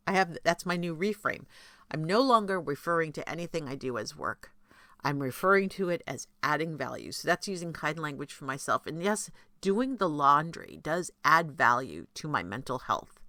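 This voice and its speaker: A woman's voice: low voice, fairly bright tone, no echo, clean studio sound. A woman hosting her own podcast, talking in a chatty, candid monologue with self-deprecating asides. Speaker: podcast host. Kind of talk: casual monologue.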